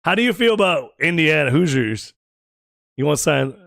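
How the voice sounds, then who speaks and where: Man, American accent, casual game-stream chat, teasing, slightly high voice, gravelly. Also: big pitch swings, fairly bright tone, no room sound, studio quality. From United States. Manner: joking, teasing, asks lots of quick questions. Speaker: gaming streamer.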